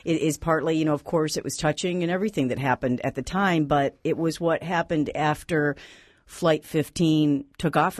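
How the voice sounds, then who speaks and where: A radio interviewer asking a guest questions with halting, searching phrasing. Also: mid-range voice, no echo, clean studio sound.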